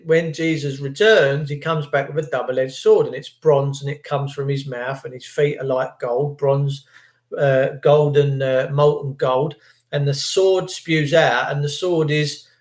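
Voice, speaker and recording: A man's voice: on the high side, echoey room. An older man hosting a livestream, talking in an impassioned, rambling and preachy way, sometimes tripping over words. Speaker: livestream host.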